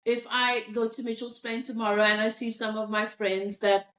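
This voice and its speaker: A woman's voice: fairly high pitch, flat delivery, moderate pace, fairly bright tone. A South African woman hosting a podcast, talking things through thoughtfully and reading listener comments aloud. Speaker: podcast host. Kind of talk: casual discussion.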